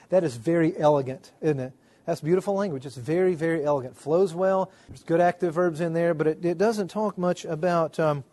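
A man's voice: fairly high pitch, darkish tone. A middle-aged man giving a lecture on writing, wry and self-deprecating, mimicking the people he quotes. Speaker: writing instructor. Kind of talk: classroom lecture.

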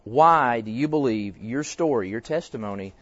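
A man's voice: mid-range voice, lively intonation, normal speed, no echo. A man teaching a class in a conversational way, telling stories and putting questions to his listeners. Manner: conversational, tells stories, quizzes the audience. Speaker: church teacher. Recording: dull, dry lo-fi recording.

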